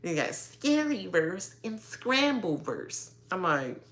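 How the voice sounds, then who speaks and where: A woman giving a casual reaction rant about a reality show, sassy and animated, often laughing at her own jokes. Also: medium pitch, slow pace.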